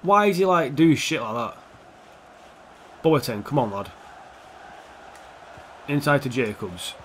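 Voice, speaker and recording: A young man giving casual, foul-mouthed commentary over his own football video game, switching between calm play-by-play and heated rants. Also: mid-range voice, slow pace, a little hiss or hum. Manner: swears a lot, swings from calm play-by-play to heated outbursts. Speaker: gaming YouTuber.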